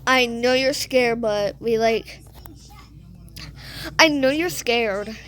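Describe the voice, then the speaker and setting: A woman narrating a casual game role-play, soothing and hushing in a motherly way. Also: on the high side, takes it slowly.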